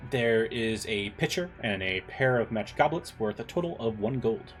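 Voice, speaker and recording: Low-voiced man running a tabletop game. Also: moderate pace, faint music behind. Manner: relaxed, joking, stumbles over rules text. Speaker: game master.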